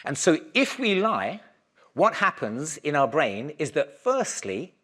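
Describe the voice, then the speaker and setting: A man, his voice sitting a little high, speaks as a keynote speaker at a conference. He talks in a lively, conversational way and calls out instructions to the audience during an exercise. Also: unhurried. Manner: lively, conversational, raises voice to give the room instructions.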